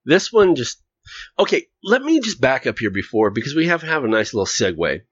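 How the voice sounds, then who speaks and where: Casting note: male podcast host, chatty and jokey, with a lively, swinging pitch, recorded on dull, dry lo-fi audio. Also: a little fast, breathy edge, dry recording. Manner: jokey, rambling, puts on voices. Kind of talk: casual chat.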